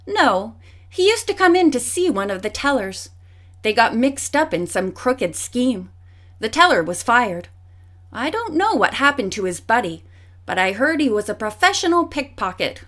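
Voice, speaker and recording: A woman's voice: fairly high pitch, very animated, normal speed, fairly bright tone. A woman reading an audiobook, voicing a helpful, chatty male museum guard. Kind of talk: audiobook character voice.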